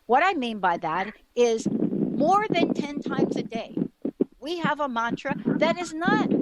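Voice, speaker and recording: A woman's voice: sits high, big pitch swings, unhurried, very noisy. A woman hosting a radio talk show, chatting eagerly and rambling with many fillers and restarts. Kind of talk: casual radio chat.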